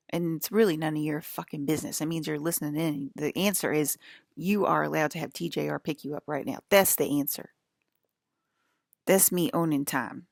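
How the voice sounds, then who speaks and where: Woman vlogger, low and gravelly, rambling and swearing a lot, annoyed, dry close sound. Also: fairly even intonation, normal speed, no echo. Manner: profane, irritated rant. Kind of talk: rambling monologue.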